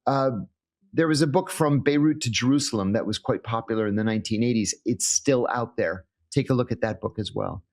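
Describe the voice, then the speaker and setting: A middle-aged man, a former intelligence analyst, gives unhurried advice in a measured voice with a few fillers along the way. His pitch sits at an everyday middle level. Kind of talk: casual advice in a talk.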